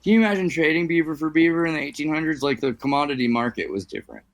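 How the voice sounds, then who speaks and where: A man's voice: on the high side, expressive, very fast, no echo. A man in casual podcast chat, talking in long digressive runs and tossing in French phrases.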